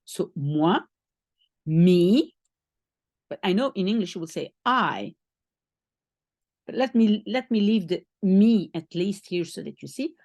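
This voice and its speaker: Woman teaching a beginner, slow and patient, breathy voice, lots of up and down. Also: mid-range voice, animated, a little mellow, dry recording, clean studio sound. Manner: patient, step-by-step explaining with frequent rephrasing. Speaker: language teacher. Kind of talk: explaining a French lesson to one learner.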